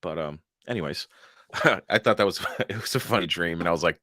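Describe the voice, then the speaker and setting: A young man chatting loosely as a podcast co-host, his lower voice swinging through a lively range. He laughs often and swears freely, and the sound is bright and dry. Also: brisk, no echo. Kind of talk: casual chat.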